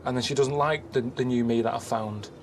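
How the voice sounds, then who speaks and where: An English man presenting a travel show, with a dry, grumbling, deadpan way of talking to camera, often from a busy street outdoors. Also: mid-range voice, a little fast, slight background noise. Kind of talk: casual to-camera travel commentary. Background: music.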